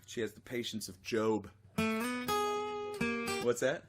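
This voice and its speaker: A man's voice: on the low side, fairly even intonation, slow, long pauses. A man with a tickle in his throat, chatting casually between songs as a singer-songwriter on a livestream. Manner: chatty, rambling, self-deprecating. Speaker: singer-songwriter streaming a live show. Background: guitar music.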